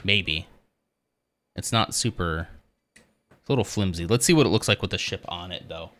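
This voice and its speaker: A man's voice: low voice, normal speed, fairly bright tone. A man livestreaming as he builds a Lego set, chatting casually and laughing often at himself.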